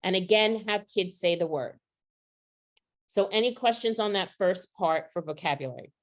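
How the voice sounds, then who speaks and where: A woman's voice: medium pitch, moderate pace. A middle-aged woman training teachers on vocabulary instruction, practical and asking the audience questions. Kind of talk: professional development workshop.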